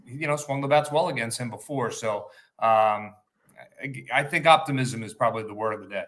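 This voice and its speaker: Radio co-host, man, bright forceful tone, confident, filler-heavy. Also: medium pitch, brisk. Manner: confident, steady, hesitant fillers. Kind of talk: sports radio talk.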